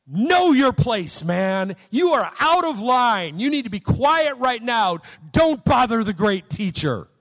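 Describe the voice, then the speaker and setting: A preacher acting out an annoyed man in a crowd, scolding loudly in a long reverberant hall. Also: very high-pitched, very animated, takes it slowly, hardly any pauses, full character voice. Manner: scolding, bossy.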